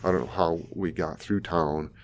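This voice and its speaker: A man's voice: low voice, fairly even intonation, moderate pace. A man in his sixties from South Dakota, telling a vivid personal story with an occasional chuckle. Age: 60s. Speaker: flood survivor interviewee.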